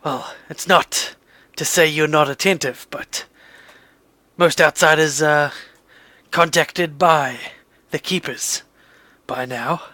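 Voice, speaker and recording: A man voicing a fussy, eager male derro who talks quickly, as if convincing himself, in a tabletop game. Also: fairly high pitch, dry recording. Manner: excitable, hurried.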